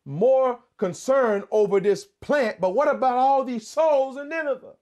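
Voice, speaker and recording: A man's voice: very high-pitched, a little slow, a little mellow, pitched above the performer's own voice. A man preaching in God's voice, earnest and pleading, as a merciful God who rebukes a prophet. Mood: reproachful.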